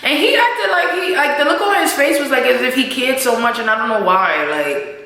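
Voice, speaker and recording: A woman's voice: high voice, animated, normal speed, pushed and bright, heavy reverb, rough recording. A woman vlogger recapping a TV episode in a casual, slangy, profane way, acting out the scenes as she goes.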